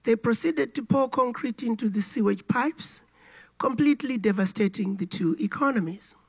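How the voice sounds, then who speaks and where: A middle-aged woman with a raspy, hoarse voice from a cold, giving a formal public speech in a deliberate, emphatic way. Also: on the high side. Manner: deliberate, emphatic storytelling delivery. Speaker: keynote speaker.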